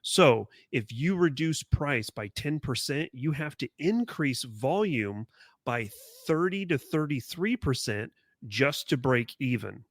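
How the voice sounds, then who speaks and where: Methodical podcast host, dry close sound. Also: male voice, medium pitch, animated, slow, no echo. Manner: methodical, explains pricing concepts step by step. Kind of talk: casual podcast chat.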